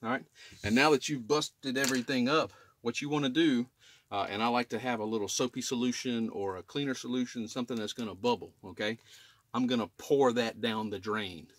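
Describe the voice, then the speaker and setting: A man's voice: mid-range voice, brisk, no echo. A middle-aged man, an HVAC technician, talking through a drain line cleaning in a casual how-to, often checking in with "okay?". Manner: plain-spoken, repeats "okay?" to check in with viewers. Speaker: HVAC technician demonstrating maintenance. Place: residential attic. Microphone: camera filming himself while working.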